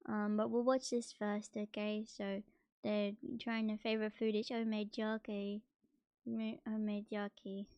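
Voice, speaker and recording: A woman streamer chatting casually while reacting to a video, playful, her voice jumping much higher when excited. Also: measured pace, clear, resonant tone, no room sound.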